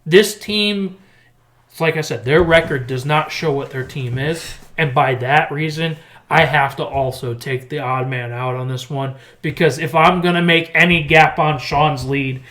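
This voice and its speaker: A man's voice: a little high, unhurried. A man co-hosting a casual football podcast, talking picks with emphatic energy. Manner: excited, emphatic picks talk. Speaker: podcast co-host. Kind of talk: casual sports chat.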